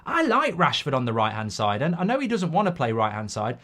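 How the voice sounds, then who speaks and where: A man hosting a live football reaction, swearing and shouting in exasperated outbursts. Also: medium pitch, huge pitch swings, a little fast, a little hiss or hum. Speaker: host reacting to a match. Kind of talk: live watch-along reaction.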